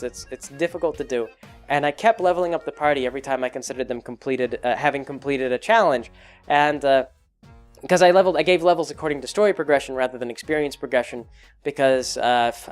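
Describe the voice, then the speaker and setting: A man casually recounting a tabletop campaign he ran as game master, rambling with many fillers. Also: medium pitch. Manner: rambling, full of fillers and restarts. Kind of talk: casual chat.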